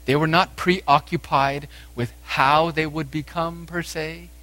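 Slow, emphatic male preacher. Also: on the high side, steady tone. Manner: slow, emphatic, swings between raised exhortation and quiet intensity. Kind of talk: sermon.

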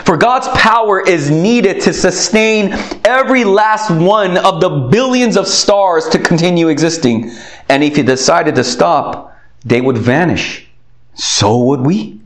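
A man preaching a sermon in an earnest tone, pausing to stress his words. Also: on the high side, reverberant. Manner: earnest, slow emphatic phrasing with many pauses. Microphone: recorded for video.

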